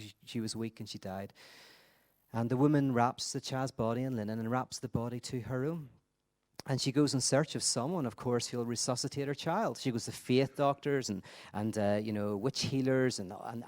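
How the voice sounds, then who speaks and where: A man's voice: medium pitch, a little mellow. A man giving a conference talk who tells parables and often repeats words while he thinks. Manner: halting, repeats words, reflective. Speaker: conference speaker.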